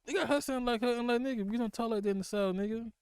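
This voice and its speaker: A young man from Mississippi with a country accent, rattling off his thoughts quickly in a casual podcast chat. His voice sits fairly high and sounds clean and resonant. The recording is dry and close, with no room sound. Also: smooth, no echo. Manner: fast-talking, laughs often, profane. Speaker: podcast host.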